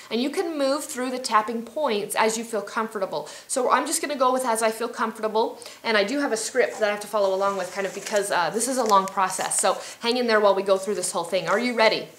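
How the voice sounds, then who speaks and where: A woman's voice: fairly high pitch, fairly bright tone, roomy sound. A woman hosting an instructional self-help video, talking in a friendly, chatty way with fillers and restarts. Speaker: healing coach and video host.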